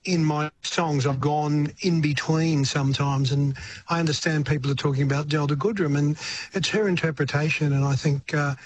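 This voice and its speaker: A man's voice: on the high side, fairly even intonation, normal speed, slight background noise. An older man with an Australian accent, a retired singer-songwriter speaking as a radio interview guest, reflective and rambling, with frequent restarts.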